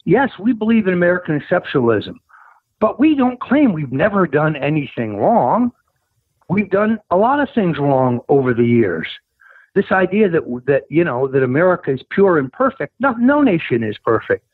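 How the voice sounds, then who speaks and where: A combative man on a tinny, dry phone line hammers his points home. His voice sits fairly high and swings a lot as he presses, with a husky edge. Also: very animated, normal speed, no room sound. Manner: emphatic, combative, rising to insistent highs. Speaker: guest, political operative. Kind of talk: interview over the phone.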